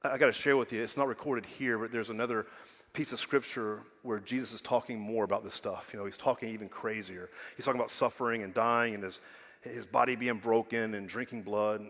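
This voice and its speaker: A middle-aged man preaching in a church sanctuary, talking to the congregation in a relaxed, conversational way. He poses rhetorical questions and moves between hushed, quiet stretches and louder, emphatic lines. His voice carries a long hall reverb. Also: on the low side, a little fast. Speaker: pastor. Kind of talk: sermon.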